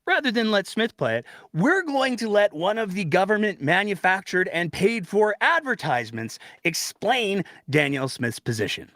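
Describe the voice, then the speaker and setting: A man talks through politics with open sarcasm and lots of animation. His voice sits a little high, and the recording is dry and close. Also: sing-song, moderate pace, hardly any pauses, a bit bright, dry recording. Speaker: political commentary host. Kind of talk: opinionated political commentary.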